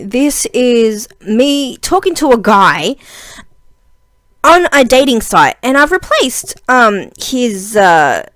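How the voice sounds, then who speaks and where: A young woman telling a funny story to camera in a chatty, giggly way, with lots of fillers and lively retellings of a conversation. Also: medium pitch, no room sound. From Australia. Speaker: vlogger. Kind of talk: casual storytelling vlog.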